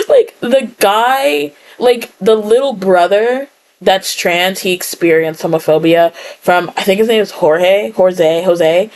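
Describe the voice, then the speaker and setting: A young woman giving a casual, animated book reaction, ranting in exasperation and filling her talk with "like" and "right?". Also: on the low side. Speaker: book reviewer. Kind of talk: casual reading-reaction rant.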